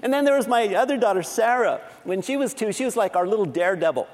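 A man's voice: high voice, expressive, fast talker, a little mellow, long reverb tail. A middle-aged man preaching a sermon, telling family stories with a laughing, self-deprecating manner. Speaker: pastor.

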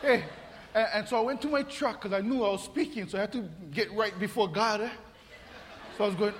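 A man's voice: high-pitched, a little fast, slight background noise. A man, a pastor telling a comic story in a sermon, acting out voices and laughing often. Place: church hall. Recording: long reverb of a large hall.

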